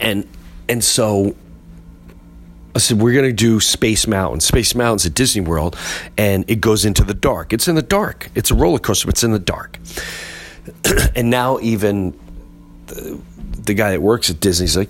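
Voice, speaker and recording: A man hosting a podcast, telling a comic story with animated delivery and acting out other people's voices. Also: on the low side, unhurried, long pauses. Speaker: podcast host.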